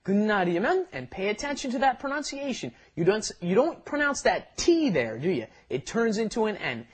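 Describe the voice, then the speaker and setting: Lively, quick-talking man teaching. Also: high-pitched, slightly rough. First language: English. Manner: chatty, lively, laughs while explaining. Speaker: co-host of a Korean lesson podcast. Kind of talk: explanatory language lesson chat.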